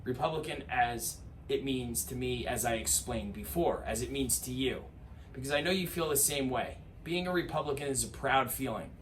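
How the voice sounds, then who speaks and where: A man's voice: mid-range voice, normal speed, slight background noise. A man giving an impassioned political address, rousing and emphatic, with rhetorical lists and repeated calls to action. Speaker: political commentator.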